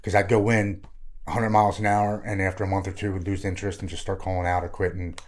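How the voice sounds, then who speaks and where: A Maryland man in his 40s, guesting on a podcast, tells his own recovery story candidly. His low voice moves little in pitch and runs at a quick pace. He comes across as earnest, frank and plain-spoken.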